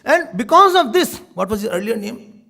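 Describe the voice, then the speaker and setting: A man, a swami, telling a sacred story in an animated sermon and acting out the voices of its people. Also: extremely high pitch, moderate pace, gravelly. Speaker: swami giving a spiritual discourse.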